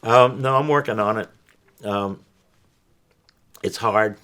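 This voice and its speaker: An older man, an actor, talking as a guest in a casual interview, soft-spoken, measured and modest. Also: on the low side.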